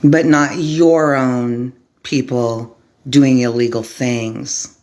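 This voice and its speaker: A woman from Arizona giving an impassioned vlog monologue to camera, speaking slowly and deliberately in short, clipped lists. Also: extremely low pitch, fairly even intonation, a little mellow. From Arizona, USA. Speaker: vlogger, formerly homeless advocate.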